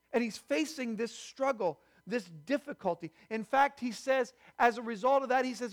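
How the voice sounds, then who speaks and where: A man's voice: very high voice, moderate pace, hardly any pauses. A man preaching a sermon as pastor, teaching and asking the congregation rhetorical questions. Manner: prayerful and hushed when praying.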